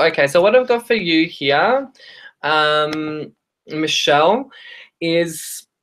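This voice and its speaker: An Australian tarot reader giving live-streamed card readings to viewers in a friendly, chatty way, often pausing on ums and restarting phrases. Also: mid-range voice, a bit bright.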